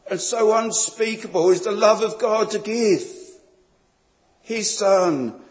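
A man's voice: sits high, darkish tone. A man preaching a sermon in a solemn, emphatic way, building each point through repeated phrases. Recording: long reverb of a large hall.

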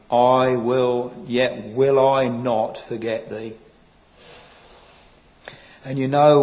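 A man preaching a sermon in a slow, earnest, pleading way, quoting old scripture. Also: mid-range voice, a little mellow, low-quality recording.

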